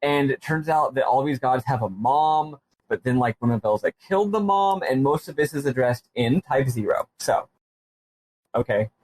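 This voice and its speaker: A man's voice: mid-range voice, normal speed, a little mellow, a little hiss or hum, poor audio. A man hosting a podcast, casually recapping with enthusiastic, rambling asides and plenty of ums. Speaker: podcast host.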